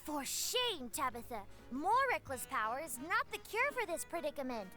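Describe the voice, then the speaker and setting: A tiny, prim pixie with a high, bright voice that swoops up and down, lecturing in lofty, theatrical tones, as a woman puts her on. She preaches and scolds like a self-appointed guide in a storybook game. Faint music plays underneath. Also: sing-song, normal speed, exaggerated voice. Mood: preachy. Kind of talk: dramatic reading of a visual novel.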